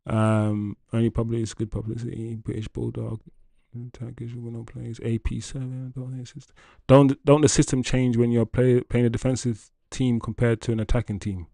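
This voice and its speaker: A man's voice: mid-range voice, normal speed, gravelly, no echo. A man hosting a football livestream, chatting casually, reading viewer comments, and laughing often. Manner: animated and chatty, laughs often, addresses chat as guys. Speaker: football channel livestream host.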